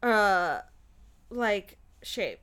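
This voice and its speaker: Casting: woman podcast host, bright voice, easygoing storyteller. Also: mid-range voice, big pitch swings, extremely slow, smooth. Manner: laughs easily, easygoing storytelling. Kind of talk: casual chat, reading listener stories.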